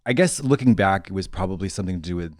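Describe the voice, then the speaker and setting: Man, podcast co-host, lowish voice, dry close mic, frank rambling chat. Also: rapid-fire, a little mellow, dry recording. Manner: frank, rambling, lots of fillers. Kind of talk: casual chat.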